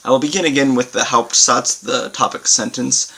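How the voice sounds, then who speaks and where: A man teaching a language lesson on video, halting with many fillers and repeating example sentences slowly. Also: mid-range voice, steady tone, gravelly, bright, forceful tone, husky, low-quality recording. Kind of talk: informal recorded lesson.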